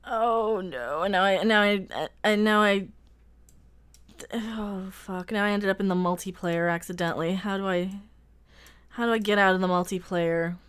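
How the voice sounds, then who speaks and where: A woman hosting a casual live reaction stream, sarcastic, laughing often and bursting into loud exclamations. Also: medium pitch, moderate pace, clear, resonant tone. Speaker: livestream host reacting to a trailer.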